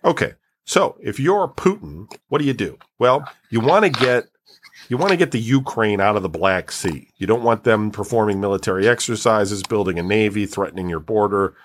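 A man's voice: lowish voice, expressive, normal speed. A man talking in a casual, rambling way, with many fillers and restarts as he explains things at length. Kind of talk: casual chat.

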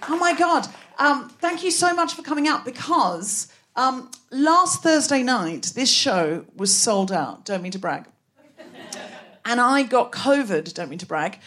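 A high-pitched woman hosts a comedy show live on a theatre stage. She teases the audience and her co-host in a quick, playful way. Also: a bit bright. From Australia. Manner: playful, teasing banter with the audience. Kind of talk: live comedy podcast hosting.

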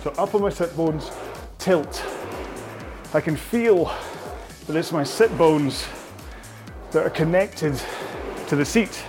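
A Scottish man with a fairly high voice speaks slowly over background music in an instructional workout video. Demonstrating on a rowing machine, he patiently explains rowing technique, checking in with "okay?"

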